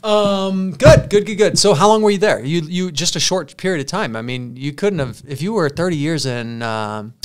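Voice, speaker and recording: Smooth-voiced animated male podcast host. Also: a little high, normal speed, few pauses. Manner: animated, laughing, rambling questions. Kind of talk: casual interview chat.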